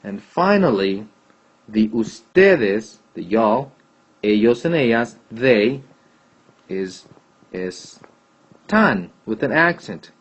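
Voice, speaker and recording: A man's voice: on the low side, big pitch swings, takes it slowly, long pauses, husky. A man teaching a Spanish grammar lesson, patiently repeating and checking answers aloud. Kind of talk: classroom lesson explaining grammar. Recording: dull lo-fi recording.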